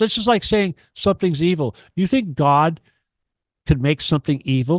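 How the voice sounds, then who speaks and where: A man's voice: a little high, lively intonation, moderate pace, no room sound. A man ranting on a radio talk show, profane and emphatic, lecturing and repeating himself.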